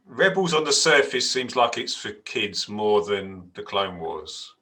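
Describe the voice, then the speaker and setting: Male podcast host, joking and teasing, with a forceful, bright tone. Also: fairly low pitch, animated, a little slow. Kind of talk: casual chat.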